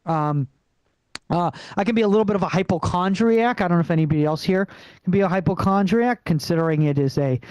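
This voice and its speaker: A man doing a rambling stand-up set over a video call, pausing often with ums and uhs. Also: sits high, darkish tone, clear, resonant tone, low-quality recording. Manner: rambling, halting delivery with many fillers. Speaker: stand-up comedian.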